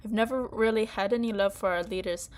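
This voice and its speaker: A brooding crew member with a Scottish lilt, as a woman puts him on. He speaks in earnest, measured lines from a video game story, his voice sitting at a mid pitch. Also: a little mellow, natural voice. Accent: attempted Scottish. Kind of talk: game dialogue read aloud.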